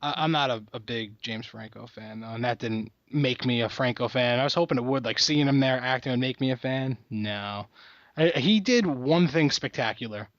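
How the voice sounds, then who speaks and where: A man in his twenties hosting a casual comedy podcast chat, animated and acting out movie lines as he tells them. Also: medium pitch, normal speed, dry recording, lo-fi sound. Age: 20s. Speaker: podcast host.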